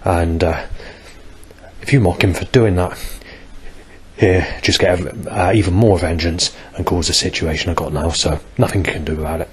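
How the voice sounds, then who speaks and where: Male vlogger, low voice, in pain and coughing, coarse and rambling. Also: steady tone, moderate pace. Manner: rambling, coarse, bitter outbursts. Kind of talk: rambling personal video diary.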